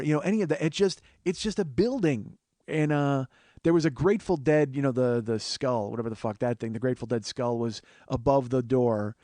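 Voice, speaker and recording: A man in his forties recounts a story alone at the mic, wry and full of swearing. His voice sits at an ordinary middle pitch, and the sound is close and dry, with no room around it. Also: mellow, dry recording. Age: 40s. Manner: profane, wry, acts out other people's voices. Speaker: podcast host. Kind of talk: solo storytelling monologue.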